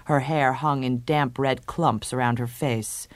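A woman reading a story in a measured way. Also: extremely low pitch, steady tone, no echo. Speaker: story reader.

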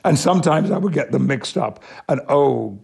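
Gravelly, husky older man. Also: medium pitch, lively intonation, darkish tone. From Yorkshire, England. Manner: measured storytelling with small restarts. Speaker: actor, interview guest. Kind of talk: anecdotal interview answers.

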